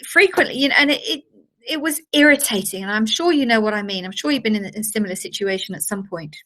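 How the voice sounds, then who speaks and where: A woman's voice: medium pitch, fast, sharp tone. An older woman giving a workshop masterclass, chatty and anecdotal with fillers. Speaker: workshop trainer. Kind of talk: online masterclass talk.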